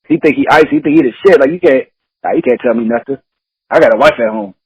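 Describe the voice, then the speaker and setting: A man's voice: medium pitch, quick pace, breathy edge, no room sound, low-quality recording. A man talking on a casual podcast. He laughs often, swears freely and acts out the people in his stories. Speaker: podcast host.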